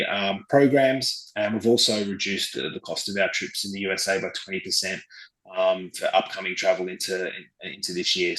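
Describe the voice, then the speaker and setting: A man's voice: lowish voice, a bit bright. An Australian man speaking earnestly as a travel company guest on a podcast, with many fillers and restarts. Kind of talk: podcast interview. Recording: roomy echo.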